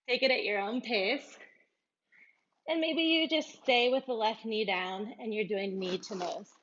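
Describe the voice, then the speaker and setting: Female yoga teacher, unhurried encouraging cues, slightly muffled recording. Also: fairly high pitch, a little hiss or hum. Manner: calm, encouraging cueing with breathy laughs. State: out of breath at times. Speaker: yoga instructor. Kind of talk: guided yoga class cues.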